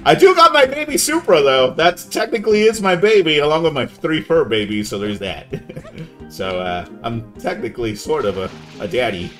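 A young man chatting casually on a live gaming stream, laid-back and saying "man" a lot, yelling now and then at the game. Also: mid-range voice, moderate pace, soft background music.

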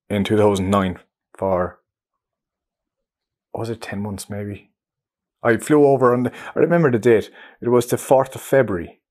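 A man's voice: fairly low pitch, a little mellow. German man with an Irish accent. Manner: chatty, self-mocking, searches for words. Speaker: interviewee, musician. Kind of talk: casual documentary interview.

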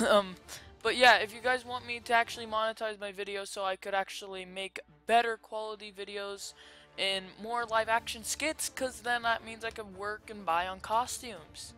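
A YouTuber giving chatty, rambling commentary over a pirate game, with sudden loud excited outbursts. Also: mid-range voice, normal speed, soft background music. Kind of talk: gameplay commentary.

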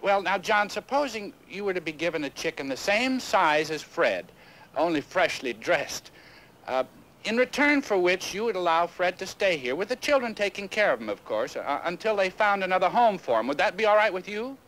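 An actor playing a calm, soft-spoken neighbor trying to settle a dispute in a 1960s sitcom, hesitant and conciliatory. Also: male voice, high-pitched, moderate pace, rough recording. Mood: reasoning. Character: calm reasonable neighbor man, peacemaker.

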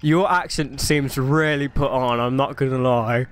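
A man's voice: mid-range voice, fairly even intonation, a little slow, smooth. Chatty male let's-play commentator. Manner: chatty, self-mocking. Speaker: gaming commentator.

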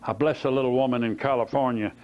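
A man's voice: mid-range voice, fairly even intonation, fast. A man preaching a Bible-study sermon, telling folksy stories and asking rhetorical questions. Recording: dull lo-fi tape recording.

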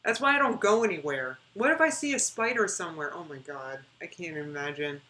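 A woman's voice: fairly low pitch, animated, quick pace, bright, forceful tone. A young woman chatting casually on her live stream, rambling and reading out viewer comments.

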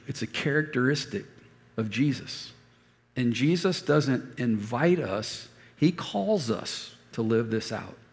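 A man's voice: mid-range voice, creaky, big-room sound. An older man preaching a sermon as a pastor, telling stories and repeating key phrases for emphasis. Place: church hall.

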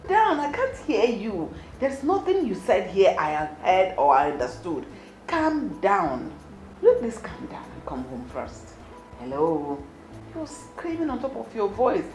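An actress with a Nigerian accent playing an exasperated young woman on a phone call, urging the caller to calm down again and again. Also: mid-range voice. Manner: pleading, urging calm over and over. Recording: roomy film audio with loud score.

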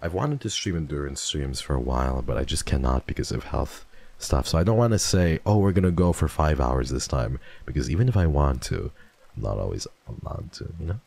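A playful male streamer talks casually with his chat into a desk mic, thanking viewers and teasing them. His voice is deep, dark and gravelly, and its pitch swings widely as he drops in and out of theatrical voices. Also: expressive, a little fast. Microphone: desk microphone.

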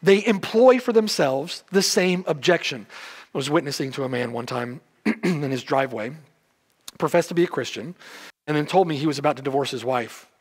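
A man with a high-pitched voice delivers an expository sermon. He presses his points with rhetorical questions and repeated phrases. The sound carries a long reverb from a church hall. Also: normal speed, breathy edge. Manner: emphatic preaching with rhetorical questions. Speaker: pastor. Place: church sanctuary.

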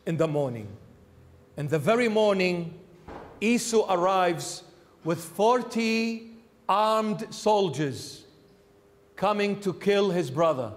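High-voiced preacher in an echoing hall. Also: male voice, slow, long pauses. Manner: animated storytelling, acting out characters. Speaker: bishop preacher. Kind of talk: sermon. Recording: long hall reverb.

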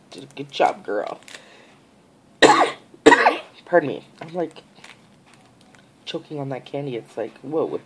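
A woman in a casual unboxing vlog, gushing and excitable, full of gasps and exclamations. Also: extremely low pitch, takes it slowly, long pauses, slight background noise, low-quality recording. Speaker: nail art vlogger.

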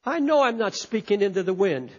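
Preacher, male, very high voice, fervent sermon delivery, dull lo-fi hall recording. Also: sing-song, a little fast, darkish tone. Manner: impassioned, emphatic, repeats words. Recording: echoey hall, dull lo-fi sound.

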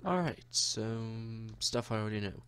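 A man's voice: fairly low pitch, expressive, normal speed, fairly bright tone, a little hiss or hum. A young man narrating his own gameplay in a chatty, jokey way, talking to the characters he meets. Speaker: gaming YouTuber. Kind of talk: let's-play commentary.

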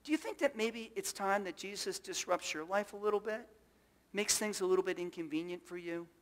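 A man's voice: high voice, long reverb tail. A male pastor delivering a sermon, emphatic and full of rhetorical questions to the congregation. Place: church sanctuary.

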